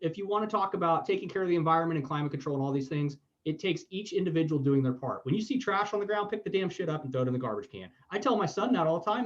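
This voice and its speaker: Fast, lively man on a dull lo-fi line. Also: fairly high pitch. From Florida. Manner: blunt, emphatic, swears freely. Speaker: podcast host. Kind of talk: casual political chat. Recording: dull lo-fi sound.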